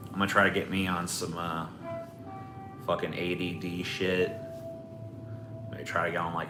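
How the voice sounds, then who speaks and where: A man hosting a livestream in casual, profane, rambling chat. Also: deep voice. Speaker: livestream host. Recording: echoey room with faint music.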